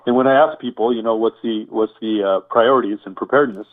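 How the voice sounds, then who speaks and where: A man's voice: on the low side, fast. A man guest in an interview explaining survival preparedness, listing items and repeating points, asking rhetorical questions. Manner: enumerating, repetitive, rhetorical questions. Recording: tinny phone-like line.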